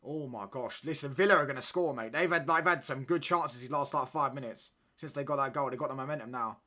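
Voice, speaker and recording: A man's voice: medium pitch, quick pace. Slangy young streamer man. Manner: casual slangy banter, repeats phrases, gets loud when ranting. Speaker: watchalong streamer. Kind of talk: live football watchalong chat.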